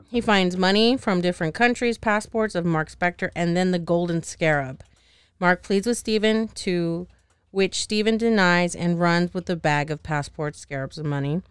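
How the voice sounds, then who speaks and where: A young woman hosting a casual podcast chat, animated, laughing often and swearing freely as she acts out scenes. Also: mid-range voice, smooth, no room sound, clean studio sound. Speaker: podcast host.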